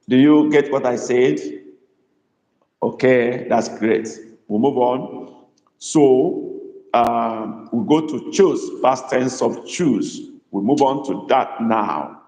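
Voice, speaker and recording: Slow-speaking male language tutor. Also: mid-range voice, a little mellow. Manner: patient, repeats phrases slowly for students. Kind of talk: live online language class. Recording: echoey room with long reverb.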